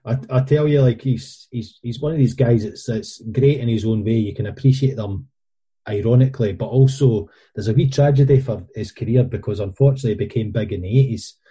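A man's voice: medium pitch, brisk, mellow, slightly rough. A Scottish man telling rambling stories in casual chat, with frequent restarts.

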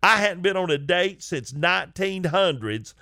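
A man's voice: high-pitched, expressive, a little slow, pushed and bright, no room sound, studio quality. A man, a comedian telling a funny story in a folksy, chatty way. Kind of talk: comic storytelling.

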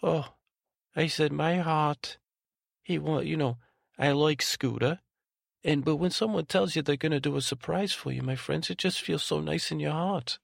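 A man's voice: fairly high pitch, moderate pace, vocal fry, no room sound, studio quality. A man playing Ray, a tenderhearted man who rambles and stumbles over his words in a bedtime monologue. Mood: tender. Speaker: podcast host in character.

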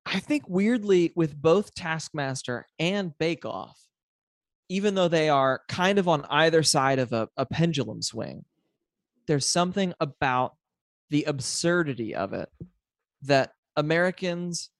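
A man's voice: a little high, lively intonation, unhurried, no room sound, studio quality. A man co-hosting a podcast, chatting casually and with enthusiasm, often restarting his sentences. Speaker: podcast co-host. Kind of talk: casual chat.

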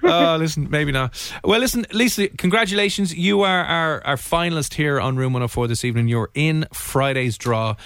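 A man hosting a radio show, chatting and joking quickly with callers and his co-host. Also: a little high, a bit bright, clean tone, no room sound, clean studio sound. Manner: fast, jokey and chatty. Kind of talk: casual radio chat.

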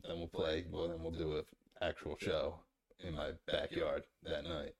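A man's voice: a bass voice, little pitch movement, normal speed, crowd noise. A man hosting a podcast in casual chat, laid-back and ending sentences with "man". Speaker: podcast host.

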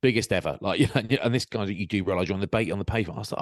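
A man's voice: on the low side, very fast, few pauses, dry recording. Chatty man on a dry call. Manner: animated storyteller, acts out quotes. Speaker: podcast co-host. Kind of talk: casual chat. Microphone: video call.

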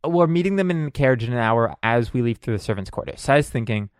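A man's voice: medium pitch, expressive, fast, smooth, no room sound, studio quality. A man playing a tabletop role-play game, insistent and repetitive, stammering through restarts. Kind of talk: casual role-play chat.

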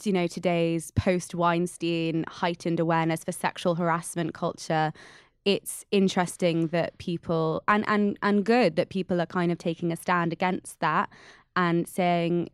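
A woman co-hosts a podcast, thinking out loud in a hedging way with plenty of fillers. Her voice sits fairly low for a woman, recorded close and dry. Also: little pitch movement, unhurried, clean tone, no room sound. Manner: thoughtful, hedging, many fillers. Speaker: podcast co-host. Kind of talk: casual chat.

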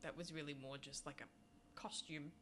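A woman co-hosting a casual chat, telling relaxed stories and laughing easily. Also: deep voice, moderate pace, crowd noise. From outside the United States.

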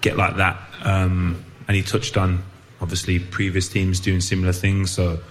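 Deep, flat-voiced man with faint noise. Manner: measured, brief answers. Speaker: podcast guest. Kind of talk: casual chat.

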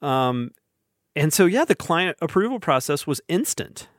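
Animated man telling a story with a laugh. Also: a little high, a little slow, dry recording, clean studio sound. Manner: animated, laughing, acts out quoted voices. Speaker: podcast host. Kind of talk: casual storytelling chat.

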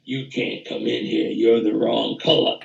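A man slips into a weathered older jazz trumpeter who mutters his lines, low and gruff. He sounds cool, curt and unimpressed. The room adds a roomy echo around him. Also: level tone, a little slow, recorded from a distance, lo-fi sound. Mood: cold.

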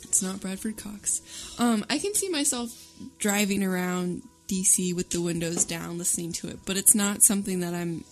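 A woman in a casual podcast discussion, giving frank, measured opinions. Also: mid-range voice, faint music behind. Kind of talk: casual chat.

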